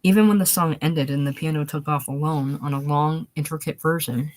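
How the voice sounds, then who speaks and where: Low-voiced woman reading a short story. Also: a little fast. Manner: steady reading, restarts after slips. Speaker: narrator.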